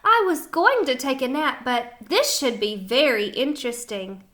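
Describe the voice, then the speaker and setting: A woman voicing a calm, graceful female cat while reading a picture book to children. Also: high voice, measured pace. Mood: curious.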